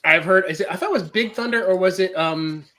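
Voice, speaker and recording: A man's voice: high voice, brisk, background noise. A man co-hosting a casual live show over a video call, groaning and gasping through a hot-sauce challenge. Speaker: co-host. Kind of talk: casual chat.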